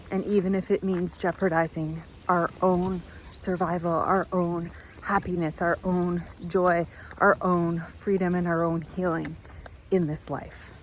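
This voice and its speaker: A woman giving a reflective self-help monologue, speaking in slow, measured, repetitive phrases. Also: lowish voice, slight background noise, rough recording.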